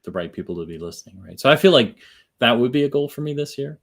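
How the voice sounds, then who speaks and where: A man's voice: medium pitch, lively intonation, fast talker, a bit bright. A man hosting a podcast, chatting casually and rambling with lots of fillers. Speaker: podcast host. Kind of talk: casual chat.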